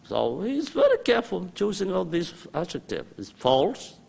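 An older man giving a university theology lecture, lively and repetitive, with asides to the students and an other than English. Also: sits high, normal speed, vocal fry, husky. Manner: animated, repeats words, quotes and asides to students.

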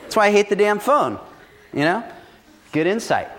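A man giving casual, blunt business advice, swearing freely and telling stories in an animated way. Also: sits high, normal speed, some chatter behind. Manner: profane, blunt, animated storytelling. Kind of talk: casual motivational talk.

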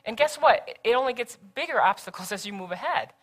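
Middle-aged woman, speaker, animated lecture delivery, quick character voices. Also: fairly high pitch. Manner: animated, acts out quoted voices. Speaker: speaker giving career advice. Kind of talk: lecture to students.

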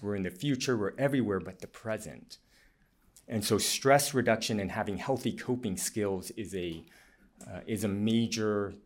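A man with a lowish voice gives a presentation as a physician. He explains things earnestly, pausing on fillers as he goes. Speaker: physician giving a talk. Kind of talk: presentation talk.

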